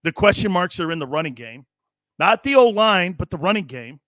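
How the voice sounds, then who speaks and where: Brash, high-voiced sports talk host. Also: male voice, big pitch swings, fairly quick, no room sound. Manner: brash, loud and joking, laughs often. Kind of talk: sports talk show commentary, reading viewer comments.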